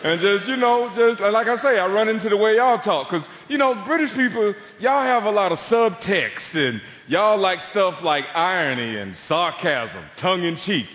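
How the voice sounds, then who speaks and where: A man from the American Deep South with a Southern accent, doing a stand-up comedy set on stage with lively storytelling and deadpan punchlines. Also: moderate pace, few pauses. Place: large theatre on stage, audience laughing. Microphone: stage microphone. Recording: echoey theatre hall with long reverb.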